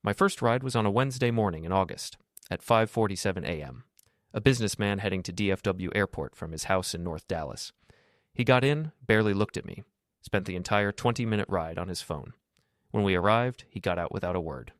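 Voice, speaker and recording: A man narrating a scripted first-person story in a steady, matter-of-fact way. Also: deep voice, brisk, no echo, clean studio sound.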